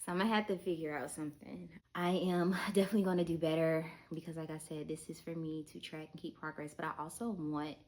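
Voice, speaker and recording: A young woman with a low voice talks straight to her camera, confiding and frank. She keeps it loose and personal and swears casually. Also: steady tone, fast, hardly any pauses, darkish tone. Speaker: vlogger. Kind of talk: candid talk to camera.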